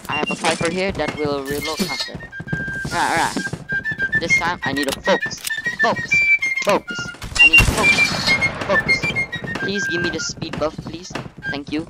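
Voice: mid-range voice, wildly swooping pitch, moderate pace, long pauses, rough recording. A gamer giving casual let's-play commentary on a desk mic, playful and over-dramatic, talking himself through each fight by repeating words. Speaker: gamer playing online. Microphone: own desk mic, sometimes bumped. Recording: loud game music behind the voice. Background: loud game music.

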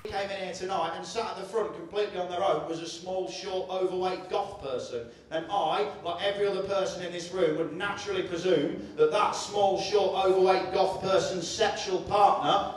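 A man's voice: sits high, steady tone, moderate pace, few pauses. A man doing a crude, brash stand-up routine on a comedy club stage. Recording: echoey live club recording from far off with hiss.

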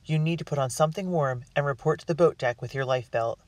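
A man voicing a gentle urgent young steward. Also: fairly high pitch, fast, no echo, close to an everyday voice. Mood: reassuring. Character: young male ship steward, kind and urgent. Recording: dry, distant mic.

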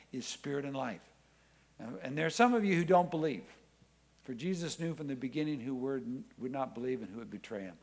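Guy preaching in church, mid-pitched voice, reads bible passages and acts out the people in them. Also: slightly rough. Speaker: pastor. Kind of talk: sermon.

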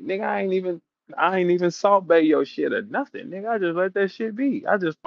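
A man's voice: high voice, expressive, fairly quick, vocal fry, no room sound, dull audio. Profane, taunting man ranting on air. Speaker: battle rap show host. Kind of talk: casual live audio-room rant.

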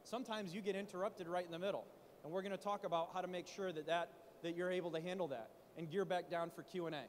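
A man speaking at a conference, coaching founders on pitching in an animated way, full of rhetorical questions. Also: quick pace, big-room sound, slight background noise. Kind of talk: startup pitch talk. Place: conference stage in a large hall. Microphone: handheld mic.

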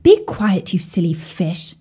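A woman voicing a gentle, romantic female swan in a children's storybook, who sighs and draws her words out sentimentally. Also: lowish voice, sing-song, slightly rough, heavily acted. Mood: tender. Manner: sighing, sentimental, drawn-out.

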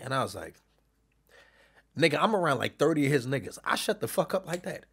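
A man telling a story in casual chat as a streamer being interviewed, swinging from quiet recounting to loud shouting. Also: fairly high pitch, big pitch swings, brisk, creaky, slightly rough.

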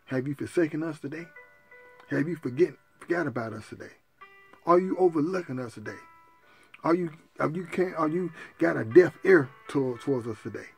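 A male preacher prays fervently during a sermon, repeatedly crying out to Jesus and addressing his listeners as sisters and brothers. His fairly high voice is animated, creaky and a bit breathy, and he speaks fairly quickly over soft background music.

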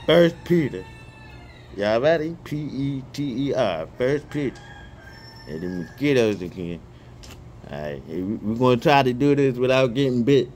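A man praying fervently and reading scripture aloud outdoors, excitable and stumbling over repeated words, speaking each punctuation mark aloud. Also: medium pitch, unhurried, a little hiss or hum. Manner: reads punctuation marks aloud. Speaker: online Bible reader.

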